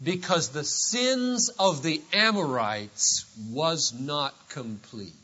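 Bright, sharp-voiced preacher man. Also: fairly high pitch, animated, slow pace. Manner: emphatic pulpit preaching, swinging between loud and hushed. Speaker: pastor. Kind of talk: sermon. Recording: dull lo-fi sermon recording.

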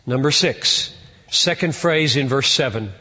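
Man preaching verse by verse, unhurried, earnest, rising to emphatic peaks, in a reverberant hall. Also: mid-range voice, pushed and bright, slightly rough. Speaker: pastor. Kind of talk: expository sermon.

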